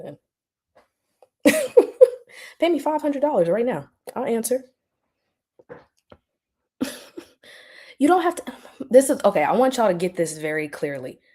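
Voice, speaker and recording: Woman on a livestream, mellow voice, laughing and teasing her chat a lot. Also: mid-range voice. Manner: laughs often, teasing and mocking. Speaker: livestream host answering chat.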